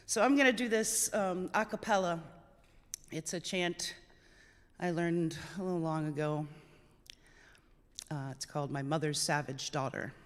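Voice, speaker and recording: A worship service leader, chatty in the announcements and measured in poetry readings, on an online church service. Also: medium pitch, big-room sound. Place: online church service over a video call.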